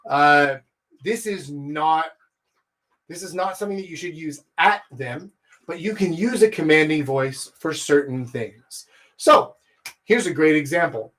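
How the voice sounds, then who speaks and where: With a measured pace, a man from Texas, thirty-something or older, gives a live-streamed talk on dating. He's direct and animated, using big swings in pitch and volume to emphasize his points.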